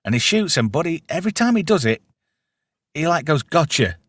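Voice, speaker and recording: On a casual film review podcast, a male host retells the plot, quoting lines with gusto and laughing often. His voice is fairly high and brisk, with no room sound.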